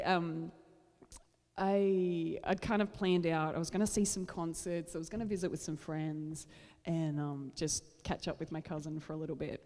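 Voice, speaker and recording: A woman's voice: deep voice, mellow, big-room sound. An Australian woman telling a story from the stage at a concert, casual and self-deprecating, with plenty of ums and small laughs. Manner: chatty, self-deprecating, many fillers. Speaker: singer-songwriter. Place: large church.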